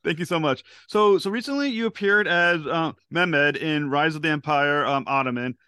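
A man's voice: on the high side, moderate pace, bright, forceful tone, clean tone, no echo, studio quality. A man hosting an interview, asking questions with effusive enthusiasm. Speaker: interview host. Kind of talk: casual interview.

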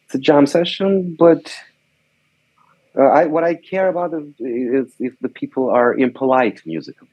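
A man's voice: mid-range voice, normal speed, slightly rough, no room sound, highs cut off. A man, a guest violinist, speaking thoughtfully and hesitantly in an interview. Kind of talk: conversational interview.

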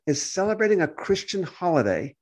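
A man's voice: high voice, fairly quick. A man who hosts a podcast and preaches, talking casually and acting out the voices of people he quotes. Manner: animated storytelling, acts out quoted voices. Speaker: podcast host and pastor. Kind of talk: casual conversation.

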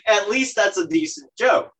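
A podcast co-host in casual chat, blunt and profane, with short agreeing replies between longer takes. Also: female voice, medium pitch, animated, moderate pace, fairly bright tone, rough recording.

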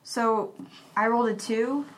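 A woman's voice: fairly high pitch, a little slow. A woman playing a tabletop game, hesitant and checking the rules as she takes her turn. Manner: unsure, asking about the rules. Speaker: player. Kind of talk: casual tabletop game play.

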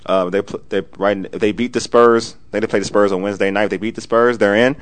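A man with a lowish voice hosts a loose sports-talk podcast. He talks bluntly, in animated bursts, and keeps the conversation rolling. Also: quick pace. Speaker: podcast host.

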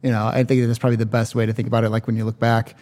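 A man talking in a halting, hesitant way in casual conversation, with many fillers. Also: mid-range voice, level tone, dark tone. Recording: room with long reverb.

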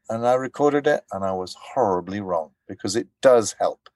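A man with a lowish voice chats as a guest, telling stories with animation and slipping into quoted lines. The sound is dry and close, with no room behind him. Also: normal speed, hardly any pauses, dry recording. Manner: animated storyteller, acts out quotes. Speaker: voice actor guest. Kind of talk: casual interview chat.

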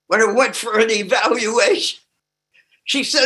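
Older guy, bit of a shake in his voice, talks slow and heartfelt, high and bright. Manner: slow and emotional, with laughter. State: slight voice tremor. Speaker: recovery workshop speaker. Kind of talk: personal sharing talk.

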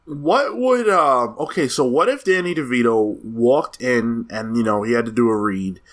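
A man co-hosting a casual comics podcast, steering the talk between topics. His voice sits at an everyday pitch but swings up and down with lively energy. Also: normal speed. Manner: animated, sets up topics. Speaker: podcast co-host. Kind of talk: casual chat.

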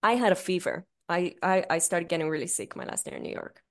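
A young woman co-hosting a podcast, with a voice that sits a little low. She tells stories in a loose, casual way. She swears freely and laughs often. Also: quick pace. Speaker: podcast co-host. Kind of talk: casual chat.

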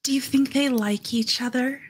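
A woman's voice: sits high, steady tone, normal speed, slight background noise. A woman playing a character in a tabletop game, eager, curious and polite. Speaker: player. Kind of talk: in-character role-play.

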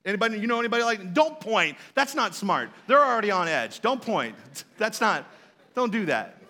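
Guy preaching, kinda high voice, casual storytelling vibe, jokes with the crowd. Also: big pitch swings, fairly quick, sharp tone. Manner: storytelling, conversational, with playful asides to the congregation. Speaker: pastor. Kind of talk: sermon.

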